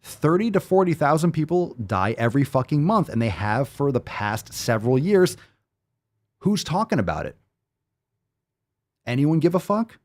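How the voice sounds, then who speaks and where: A man's voice: medium pitch, sing-song, measured pace, pauses often, a little mellow. A man hosting a fitness show, ranting in a heated, profane way. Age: adult, 30s or older. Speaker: host. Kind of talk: fitness podcast rant.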